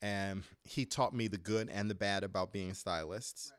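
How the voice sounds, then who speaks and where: A middle-aged man telling stories in a casual conversation, lively and laughing, often jumping up in pitch to act out other people's voices. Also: a little slow, no room sound. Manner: lively, acts out quoted voices with sudden high pitch jumps, laughs mid-sentence. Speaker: guest, former model turned stylist.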